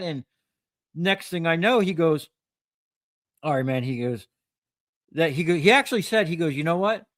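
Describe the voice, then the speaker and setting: A man's voice: fairly high pitch, a bit bright, no room sound. Rambling storytelling man, dry close sound. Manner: rambling storyteller, acts out quoted customers. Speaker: scrap metal recycler. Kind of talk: casual livestream chat.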